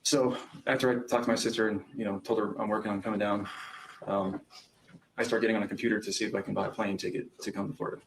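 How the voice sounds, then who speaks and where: Young male witness on the stand, gravelly low voice, hesitant recounting. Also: little pitch movement, fast talker, a little hiss or hum, low-quality recording. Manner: hesitant, recounting events with frequent ums. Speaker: trial witness. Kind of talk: courtroom testimony.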